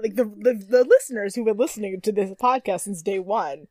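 A woman's voice: mid-range voice, brisk, a little mellow, no room sound, studio quality. A young woman co-hosting a podcast, chatting casually and animatedly with laughs, swearing and many restarts. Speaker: podcast co-host. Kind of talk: casual chat recapping a reality show.

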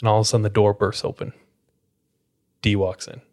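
A man's voice: lowish voice, flat delivery, brisk, a little mellow. A man hosting a podcast, casually retelling a spooky story, leaning on "like" as he talks. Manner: casual, filler-heavy retelling with frequent "like". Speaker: podcast host.

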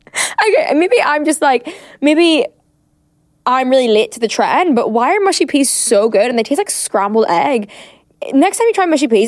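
A woman's voice: a little high, darkish tone, no room sound, clean studio sound. A young Irish woman hosting a podcast, chatting casually with lots of fillers and the odd swear word. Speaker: podcast host. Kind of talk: casual chat.

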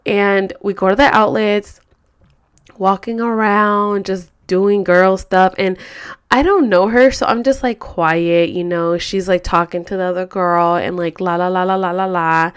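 A woman's voice: mid-range voice, steady tone, a little slow, clean tone. A woman hosting a podcast, telling a story in a rambling, profane, casual way full of fillers. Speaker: podcast host.

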